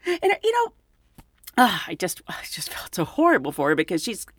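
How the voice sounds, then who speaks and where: A woman's voice: medium pitch, a little fast, breathy edge, no echo. A middle-aged woman, a flight attendant, telling stories in a casual chat and acting out the people she quotes. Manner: animated, acts out quoted voices.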